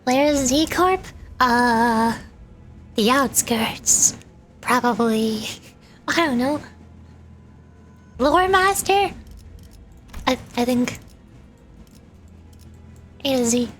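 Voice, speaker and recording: Young woman VTuber, high voice, casual rambling chat, light music behind. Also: extremely slow, pauses often. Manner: chatty, rambling, laughs often. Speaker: VTuber streamer. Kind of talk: casual stream chat and game voice acting.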